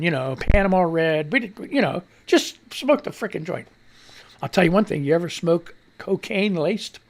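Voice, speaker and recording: A man's voice: high voice, creaky, fairly bright tone. A middle-aged man hosting a live radio show, rambling and sarcastic, often repeating himself and trailing off. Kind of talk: casual chat reading comments aloud.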